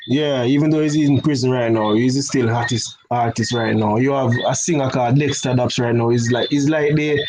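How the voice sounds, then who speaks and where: A man with a Jamaican accent chats as a guest on a live stream, eagerly explaining things in an easy, relaxed way. His pitch sits mid-range for a man. Faint noise sits behind him. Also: normal speed, hardly any pauses, low-quality recording. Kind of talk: casual chat.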